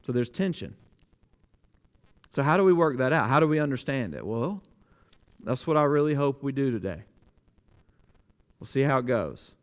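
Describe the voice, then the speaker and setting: A man's voice: mid-range voice, big pitch swings, moderate pace, pauses often. A man preaching a sermon as pastor, earnest and emphatic, often repeating a word as he restarts a thought.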